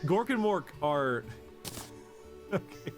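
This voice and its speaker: A man's voice: high-pitched, very animated, very slow, soft background music. A man co-hosting a casual podcast, explaining lore in a rambling way with many repeated words and restarts.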